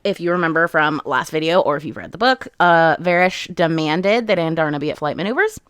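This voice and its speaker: A woman's voice: deep voice, animated, a little fast, fairly bright tone, clean tone, no room sound, clean studio sound. A woman hosting a book channel, casually recapping chapters and retelling scenes in quoted voices.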